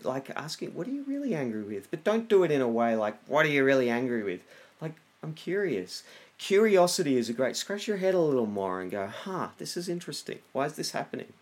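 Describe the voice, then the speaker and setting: A middle-aged man giving casual wellness advice, lively, often acting out inner voices. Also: mid-range voice. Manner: animated, acts out inner voices.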